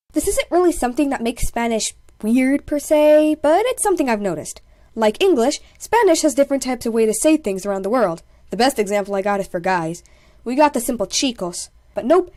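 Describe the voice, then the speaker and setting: A young woman narrating a casual story-time video in a chatty, animated way, full of jokey asides. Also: on the high side, dry recording, clean studio sound.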